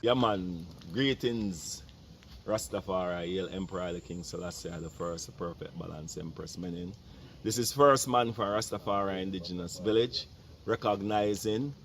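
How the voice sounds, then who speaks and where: A man's voice: sits low, a little slow, slight background noise. A man giving a solemn, litany-like promo greeting for a radio network. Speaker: community representative giving a shout-out. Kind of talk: recorded promo shout-out.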